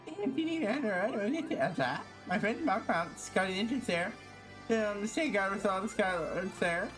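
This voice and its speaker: A man putting on a cutesy high sing-song voice. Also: expressive, normal speed, a bit bright, faint music behind. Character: cutesy high-pitched playful character.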